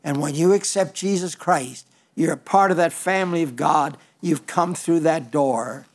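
Older male preacher with a high voice. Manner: halting, with frequent restarts and fillers; slows and lifts his voice for quoted scripture. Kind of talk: sermon.

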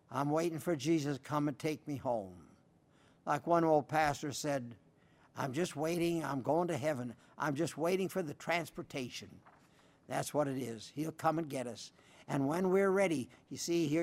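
An older man preaching a folksy sermon, telling stories with emphatic repetition and answering listener letters. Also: a little high. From rural sheep-raising upbringing. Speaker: radio preacher.

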